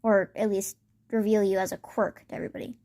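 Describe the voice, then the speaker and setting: A woman voicing a calm, determined teenage boy who speaks quietly and flatly. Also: medium pitch, quick pace, natural voice.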